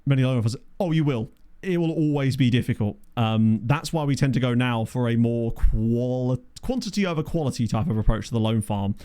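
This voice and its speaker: A man giving casual gameplay commentary from a home desk microphone, chatty and thinking aloud, often breaking into excited exclamations. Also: medium pitch, a little fast, clear, resonant tone. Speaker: game commentator.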